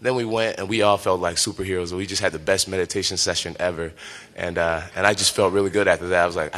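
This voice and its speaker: A bright, clear-toned young man in his twenties recounting a story with lots of animation. He laughs easily and acts out the lines of the people in it. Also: sits low, fast talker. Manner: lively, laughs often, acts out quotes. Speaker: professional fighter.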